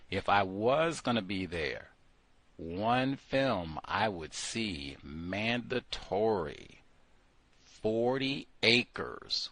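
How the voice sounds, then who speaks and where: A man hosting a call-in show, talking casually and jokingly, swinging between loud exclamations and low mutters. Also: no room sound. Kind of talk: casual monologue.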